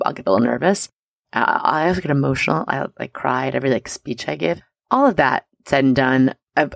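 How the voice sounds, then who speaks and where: A woman's voice: very deep voice, gravelly, no echo, studio quality. A woman in her thirties hosting a spirituality podcast, talking in a chatty, bubbly way full of fillers and little laughs. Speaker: podcast host. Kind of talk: casual chat.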